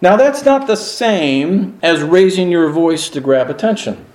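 A man preaching a sermon with emphatic delivery, dropping low and then rising to loud exclamations. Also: expressive, a little slow, roomy sound. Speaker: pastor.

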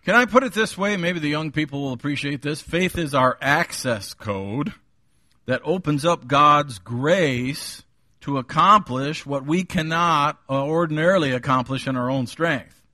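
A male pastor delivers a morning sermon with a bright, forceful tone and a lively, rising and falling pitch. He drives his points home by repeating key phrases. The recording is dry and close. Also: no room sound. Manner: emphatic, repeats key phrases, occasional chuckle.

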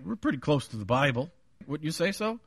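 A man preaching a sermon, booming when he quotes scripture, dropping low on his asides, and joking with the congregation. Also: big pitch swings, brisk, a bit bright, slightly rough, dry recording, clean studio sound. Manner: jokes with the congregation. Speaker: pastor.

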